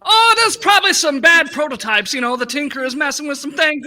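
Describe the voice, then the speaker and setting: Bright, high-voiced man running a tabletop game. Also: expressive, a little fast. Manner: stammering, upbeat. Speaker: game master. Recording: faint background music.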